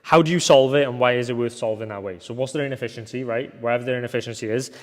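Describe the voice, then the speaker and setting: A man's voice: medium pitch, very fast. Casual young male coach in a reverberant room. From Wales. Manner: casual, ends points with a tag question, thinks aloud with fillers. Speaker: agency coach. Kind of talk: recorded course lecture. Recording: long hall reverb.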